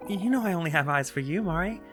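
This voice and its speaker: Man voicing a shy teenage boy, earnest, lovestruck, slightly raised pitch, video game. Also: animated, fast, fairly bright tone, faint music behind. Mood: bashful.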